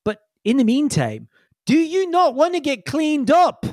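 A woman's voice: sits high, big pitch swings, a little slow, a little mellow, dry recording, clean studio sound, pitched above the performer's own voice. Game master doing a brash, sarcastic woman pilot. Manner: blunt and sarcastic.

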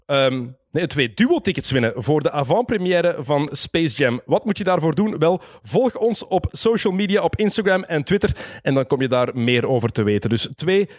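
A man hosting a casual chat over a remote call, giving blunt, animated opinions. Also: a little high, normal speed, dry recording, studio quality. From Belgium. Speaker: podcast host.

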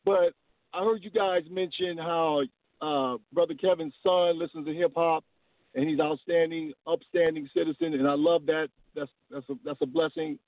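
A high, gravelly man's voice comes down a tinny phone line. He is a caller in his late fifties, earnest and halting, repeating words as he works out his point. The sound is dry and close. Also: steady tone, no echo. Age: 50s. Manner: earnest, repeats words while searching for phrasing. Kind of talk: call-in radio talk.

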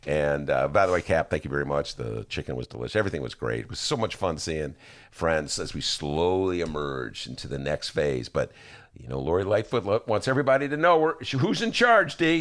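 A man hosting a podcast, talking in a sarcastic, animated way and mocking people with put-on voices. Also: deep voice, a little fast. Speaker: podcast host. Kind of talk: casual political chat.

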